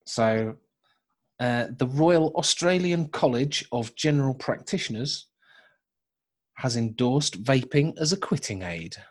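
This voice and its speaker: A man co-hosts a podcast in a casual chat, his mid-range voice animated and a little slow. He rambles, jokes, and restarts often.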